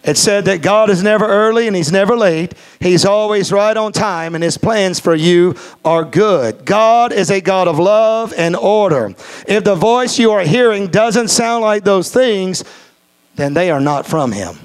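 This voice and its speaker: A pastor with a notably high, clean voice preaches a sermon from the pulpit, repeating phrases to drive his points home. Now and then he slows into a careful, measured cadence.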